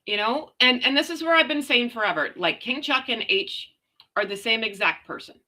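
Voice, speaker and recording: Middle-aged woman from Canada, casual ranting vlogger, sarcastic and slangy, bright animated voice. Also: a little high, normal speed. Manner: blunt, sarcastic, slangy, mild swearing. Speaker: commentary vlogger.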